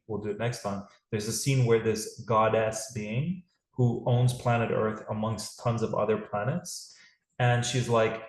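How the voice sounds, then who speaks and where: A man's voice: mid-range voice, darkish tone, reverberant, rough recording. A man hosting a live call series, talking in a rambling, casual way with many restarts. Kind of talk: casual livestream talk.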